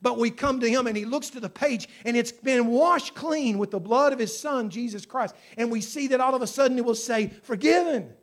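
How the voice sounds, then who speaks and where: A man's voice: very high voice, fairly quick, hardly any pauses. A man preaching a sermon, emphatic, with surges in volume on key phrases as he tells stories. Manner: storytelling preacher.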